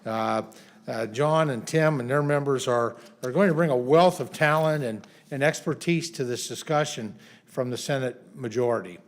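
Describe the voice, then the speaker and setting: A man's voice: medium pitch, moderate pace. A man, a congressman, giving a statement at a press conference, with many fillers and restarts.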